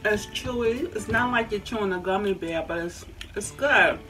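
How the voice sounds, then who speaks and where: Middle-aged mom, playful and upbeat, a bit distant from the mic, music under her. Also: mid-range voice. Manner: playful, enthusiastic, drawn-out approving hums. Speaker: mother taste-testing snacks. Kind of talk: casual taste-test chat.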